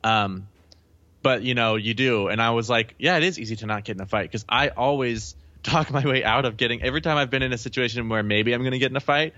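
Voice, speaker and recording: A man's voice: medium pitch, quick pace, pushed and bright, highs cut off. A young man chatting casually about a film, rambling and laughing at his own jokes. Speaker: podcast co-host.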